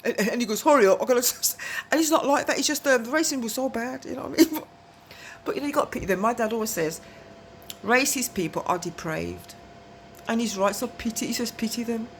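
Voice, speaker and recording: A fast-talking woman with a slightly high voice tells a drawn-out, rambling story to camera, with a little hiss or hum in the background. In this casual monologue she laughs between phrases and keeps asking if you're with her.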